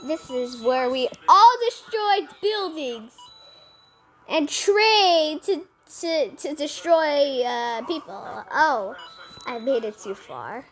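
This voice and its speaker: A young woman with a high voice narrates her gameplay out loud in an excited let's-play style. She squeals and giggles at every surprise, calling out each event as it unfolds.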